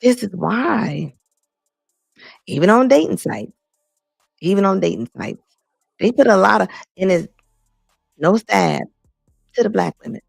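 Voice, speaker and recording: Blunt gravelly woman commentator. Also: medium pitch, big pitch swings, a little slow, pauses often, no echo, studio quality, soft background music. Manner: blunt, emphatic, repeats lines for effect. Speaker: commentary host. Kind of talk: casual reaction commentary.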